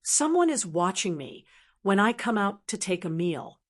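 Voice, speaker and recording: A woman reading the part of a defiant man cornered by his former gang, snapping and shouting back. His lines come in the reader's own steady, mid-pitched voice, with only a light lift of pitch on them. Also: normal speed. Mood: angry. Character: angry cornered male gang traitor.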